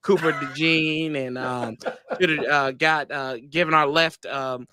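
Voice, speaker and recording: A man co-hosting a casual sports podcast, rambling through animated stories about his baby son. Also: fairly high pitch, a little slow, background noise. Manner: rambling storyteller, animated retellings. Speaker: podcast co-host. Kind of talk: casual chat.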